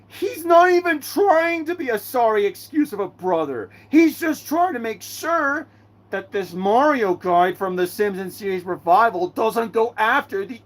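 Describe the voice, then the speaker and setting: A channel host doing a live fan Q&A, ranting excitably about characters with sudden bursts of shouting. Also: mid-range voice.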